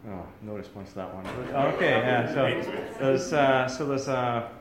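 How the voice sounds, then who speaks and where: A man's voice: medium pitch, unhurried, echoey room, a loud crowd, rough recording. A man with a Scottish accent giving a talk to a live audience in a rambling, self-deprecating way, full of restarts. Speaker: academic speaker.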